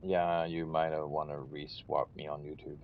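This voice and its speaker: A man with a very low voice chats casually through a game stream, half-mumbling his asides as he plays. The sound is dull and lo-fi, with a faint rumble underneath. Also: little pitch movement, normal speed. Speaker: streamer and channel host. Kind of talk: casual gaming stream chat.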